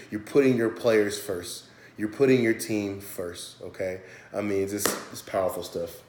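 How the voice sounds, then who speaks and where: A man giving a recorded presentation, earnest and halting, with many restarts. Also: lowish voice, a little mellow. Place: hotel room. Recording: echoey hotel room.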